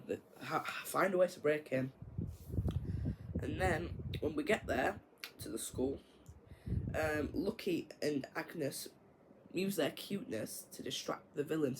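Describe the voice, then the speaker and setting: A man's voice: a little high, a little slow, slight background noise, rough recording. A man casually retelling his own version of a film plot, rambling with lots of fillers and mouth sound effects. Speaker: video creator.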